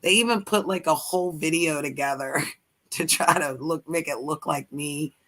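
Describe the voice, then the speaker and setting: A woman from Pennsylvania with a Pennsylvania accent, chatting casually and rambling with halting restarts. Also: sits low, a bit bright. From Pennsylvania, United States. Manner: rambling, halting, quick to laugh. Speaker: streamer and guest. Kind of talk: casual chat.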